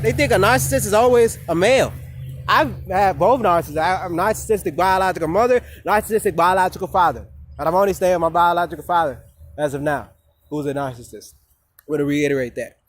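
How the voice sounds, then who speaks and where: A man's voice: high-pitched, a little fast, a little hiss or hum. A young man ranting heatedly and profanely outdoors in a vlog, repeating himself as he vents. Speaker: vlogger and coach.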